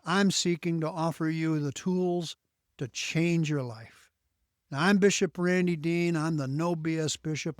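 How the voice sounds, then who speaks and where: A man hosting a solo inspirational podcast as a bishop, with a slow, emphatic, preacherly cadence. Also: fairly high pitch, dry recording, studio quality.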